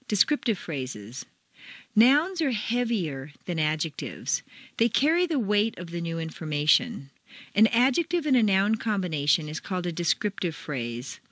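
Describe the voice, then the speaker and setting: Slow, sing-song woman teaching pronunciation. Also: on the low side, fairly bright tone, no echo. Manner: slow, carefully enunciated, exaggerated intonation. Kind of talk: recorded pronunciation lesson.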